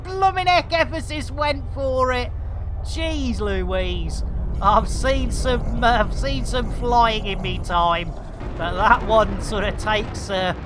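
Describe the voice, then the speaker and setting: A woman's voice: fairly high pitch, background noise. A woman streaming a space game live, chatting to herself in a jokey way full of playful slang and muttered asides. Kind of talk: live gameplay commentary.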